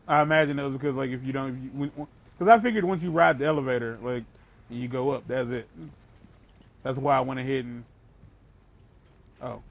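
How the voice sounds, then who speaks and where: Young male let's play host, gravelly and chatty, rambling commentary while gaming. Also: medium pitch. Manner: chatty and rambling, swears casually.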